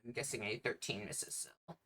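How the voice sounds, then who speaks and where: A woman running a tabletop game as game master, unhurried and laughing often between rulings. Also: very deep voice, bright, forceful tone.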